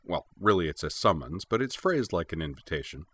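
A man's voice: low voice, very animated, brisk, a bit bright, dry recording, heavily acted. A man voicing a wry, knowing, amused man in an audiobook, spoken dryly. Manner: dry, wry delivery. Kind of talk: audiobook character voice.

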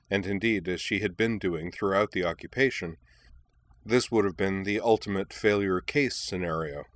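A man reading a war story aloud in a measured, even narration. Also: deep voice, no room sound.

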